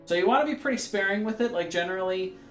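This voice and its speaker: Game master in a roomy space. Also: male voice, high voice, fast, over loud music. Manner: relaxed, explains rules with many fillers. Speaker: dungeon master. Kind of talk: running a tabletop game over voice chat.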